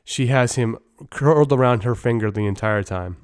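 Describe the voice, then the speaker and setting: A man hosts a casual movie review podcast, giving blunt, opinionated takes with jokes and the odd curse. His voice is smooth and clear, sitting at a middle pitch. The sound is dry and close, with no room echo. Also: moderate pace. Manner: opinionated, blunt, joking, with profanity. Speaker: podcast host.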